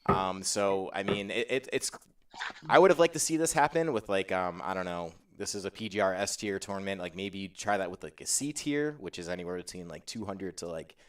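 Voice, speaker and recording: A man's voice: deep voice, a little fast, distant mic. A man hosting a casual panel discussion about tournaments, rambling with lots of fillers and restarts. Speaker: podcast host.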